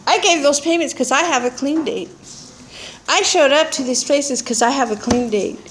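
Woman sharing her recovery story, high voice, blunt, earthy, laughs a lot, faint background noise. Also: moderate pace. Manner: animated storytelling with frequent laughter. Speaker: speaker sharing at a recovery meeting. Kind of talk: personal testimony.

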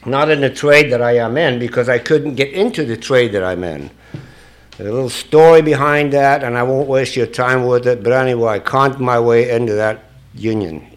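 A Scottish man tells his story to a recovery meeting, cursing freely and laughing at his own misadventures. His voice sits at an ordinary middle pitch. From Scotland. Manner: profane, joking, chuckling at his own stories. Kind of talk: confessional storytelling to an audience.

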